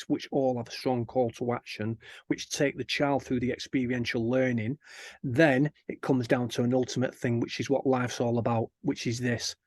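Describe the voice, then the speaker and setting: A man, an energetic guest in an interview, telling stories and acting out the people he quotes. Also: medium pitch, no echo. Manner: energetic storyteller who acts out quoted people. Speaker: guest, kindness campaigner. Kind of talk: animated interview chat.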